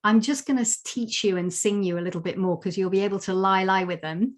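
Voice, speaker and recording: A woman's voice: medium pitch, fairly even intonation, quick pace, few pauses. A woman giving an online talk on a video call, explaining songs and singing wordless melodies to teach them. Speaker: presenter of a song talk. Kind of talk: online talk with sung demonstrations.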